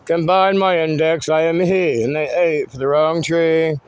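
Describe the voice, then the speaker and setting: A man's voice: a little high, steady tone, a little slow, clear, resonant tone, no echo. A man giving a rambling, cryptic walking tour of his wooded land outdoors, swearing freely. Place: outdoors in woods.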